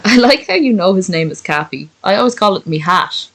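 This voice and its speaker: A woman's voice: medium pitch, expressive, fairly quick, fairly bright tone, rough recording. A woman streamer chatting casually and reading aloud, sweary and self-mocking.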